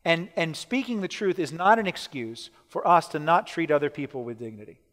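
A man preaching a sermon, emphatic, repeating his key points and slowing down to stress them, often checking in with the listeners. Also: on the high side, expressive, fairly bright tone. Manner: asks the listeners questions. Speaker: pastor. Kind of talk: sermon teaching. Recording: long hall reverb.

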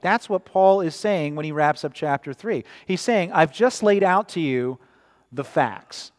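A man preaching a sermon in a church, conversational and often tossing in "right?" to the congregation. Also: fairly high pitch. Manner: conversational, frequent "right?" asides. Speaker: pastor. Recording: reverberant church sanctuary.

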